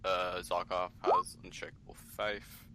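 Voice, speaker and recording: A man playing a tabletop role-play game, asking rules questions and firing back quick in-character retorts. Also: deep voice, huge pitch swings, pushed and bright, a little hiss or hum, rough recording. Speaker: player. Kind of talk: casual tabletop play over voice chat.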